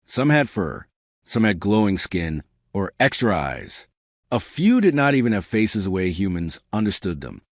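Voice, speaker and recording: A man narrating a science fiction story with steady, scripted delivery. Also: fairly low pitch, no echo, clean studio sound.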